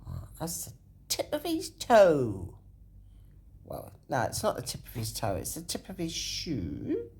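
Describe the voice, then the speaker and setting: A woman's voice: deep voice, wildly swooping pitch, unhurried, a little mellow. A woman hosting a video, thinking aloud as she walks through a map. She corrects herself often and sometimes drops into a whisper. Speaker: video host. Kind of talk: rambling walkthrough on a map.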